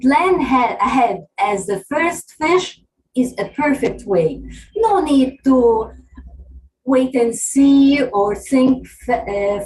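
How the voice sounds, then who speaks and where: A woman giving a prepared club speech, slow and careful with some restarts. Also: a little high, darkish tone, poor audio. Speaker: club speaker.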